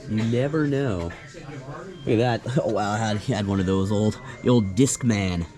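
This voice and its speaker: Deep-voiced man musing through a flea market. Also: normal speed, warm tone. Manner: musing, easygoing, chatty. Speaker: vlogger. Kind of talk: casual walkthrough narration. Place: indoor flea market warehouse. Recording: music playing behind. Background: music playing in the store.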